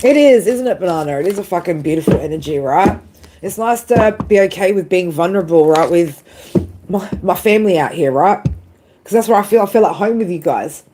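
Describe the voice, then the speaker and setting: A woman's voice: fairly low pitch, animated, brisk, background noise. A woman doing a live tarot stream, tearful and emotional, swearing freely and tagging lines with "right?" and "man". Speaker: tarot reader.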